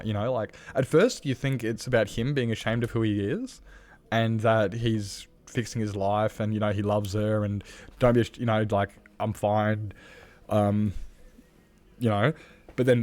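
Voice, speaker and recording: A man's voice: lowish voice, darkish tone. Rambling, chatty male game streamer. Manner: rambling, chatty and candid, swears freely, many fillers. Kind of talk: casual live-stream chat while gaming.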